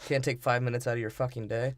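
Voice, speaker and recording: A man's voice: medium pitch, level tone, fast, dry recording. Wisecracking male podcast co-host. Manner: offhand and wisecracking. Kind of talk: casual comedic movie chat.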